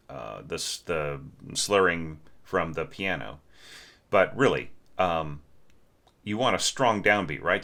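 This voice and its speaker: Deep-voiced man critiquing a score. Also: bright, forceful tone. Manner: sings phrases to illustrate, thinks aloud with restarts. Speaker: orchestration teacher.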